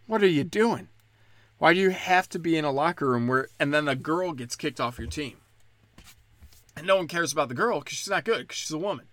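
A man's voice: fairly high pitch, expressive, normal speed, fairly bright tone. A man hosting a podcast, talking in a loose, rambling, sarcastic way and swearing often. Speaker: podcast host. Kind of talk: casual rambling monologue.

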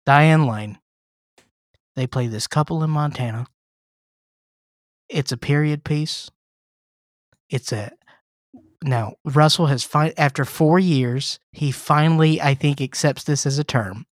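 A man's voice: a little high, slow pace, pauses often, no room sound, clean studio sound. A man co-hosting a podcast, giving a casual, sarcastic and profane comedic recap of a film he disliked. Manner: profane, sarcastic, animated storytelling. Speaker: podcast co-host reviewing films.

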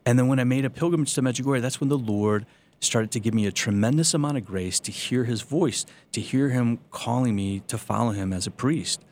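A man's voice: mid-range voice, brisk, darkish tone. A man, a Catholic priest, telling his personal faith testimony with earnest storytelling and self-deprecating humor.

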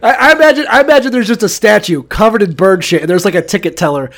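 A man's voice: sits high, fast talker, gravelly, fairly bright tone. A man from Ohio co-hosting a casual comedic chat, profane and laughing often as he acts out little voices. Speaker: podcast co-host.

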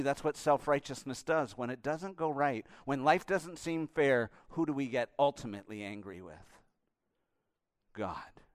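A male pastor preaching a sermon with passion, swinging between hushed and loud passages. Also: medium pitch, smooth, no room sound, studio quality.

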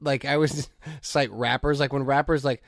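A man co-hosting a podcast in casual chat, talking loosely with plenty of fillers and quick agreeing replies. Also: mid-range voice, fairly even intonation, vocal fry, dry recording, studio quality. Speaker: podcast co-host.

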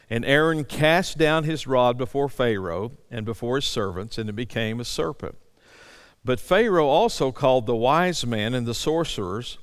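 A man's voice: medium pitch, clear, resonant tone, long reverb tail. A male pastor preaching a sermon, reading scripture aloud and then explaining it with small restarts.

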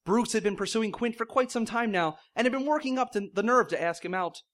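A man's voice: high voice, brisk, fairly bright tone. A man reading silly fan fiction aloud in mock-serious narration, often breaking into laughter. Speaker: comedic reader.

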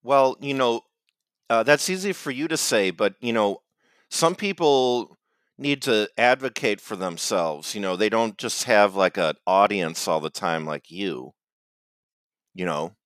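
A man with a low voice co-hosts a comedy podcast, halting and hesitant as he speaks. He stumbles through his points with plenty of fillers. The sound is close and dry. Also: expressive, fairly bright tone, clear, resonant tone, dry recording. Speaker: podcast co-host. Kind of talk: casual comedic chat.

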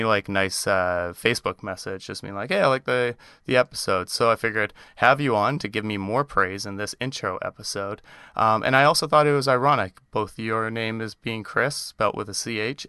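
A man's voice: on the low side, sharp tone, clear, resonant tone, dry recording, clean studio sound. A Canadian man hosting a podcast, chatting casually with lots of fillers. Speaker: podcast host. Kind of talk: casual chat.

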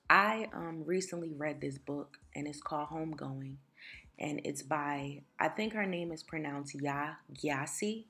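A woman in her thirties hosting a solo podcast in casual chat, her voice rough from just waking up, talking in a rambling way with lots of fillers. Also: low voice, a bit bright. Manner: chatty, rambling with many fillers. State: raspy morning voice, just woken up. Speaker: podcast host.

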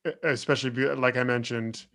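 A man co-hosting a podcast, reviewing a film in a relaxed, halting way with "uh" and "um". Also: mid-range voice, vocal fry. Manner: relaxed, hesitant with "uh" and "um". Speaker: podcast co-host. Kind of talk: casual review chat.

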